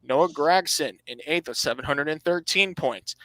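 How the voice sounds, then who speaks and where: A man's voice: on the high side, moderate pace, a bit bright, no room sound, rough recording. A man hosting a casual motorsport podcast, reading out standings and giving his opinions with dry sarcasm, often restarting his phrases. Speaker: podcast host.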